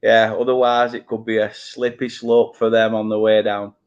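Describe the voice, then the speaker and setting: A man's voice: fairly low pitch, little pitch movement, moderate pace, highs cut off. A young man with a Burnley accent hosting a live football watchalong, chatting casually and poking fun at his own slip-ups. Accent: Burnley, Lancashire. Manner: casual, self-mocking, stumbles over names. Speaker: fan channel host. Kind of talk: live watchalong chat, reading chat comments.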